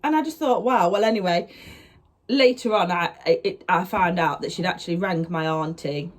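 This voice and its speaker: A woman's voice: fairly low pitch, moderate pace. A young woman telling a personal story to camera in a casual, chatty way. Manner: chatty, animated retelling with acted-out quotes. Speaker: vlogger.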